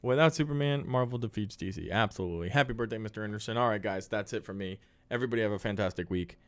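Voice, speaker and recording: With a lowish, clean voice and no room sound, a man fires off words rapidly while hosting a casual live podcast. He upbeatly reads viewer comments aloud, expresses thanks, and tackles questions on the spot.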